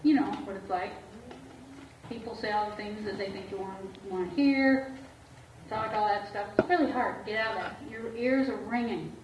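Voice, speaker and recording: A woman's voice: medium pitch, normal speed, noisy background. A woman therapist speaking candidly to an audience about her own life. She talks openly and laughs often. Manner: frank, laughs often, acts out quoted voices. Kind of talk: candid personal talk to an audience. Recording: echoey room, far from the mic, dull and lo-fi.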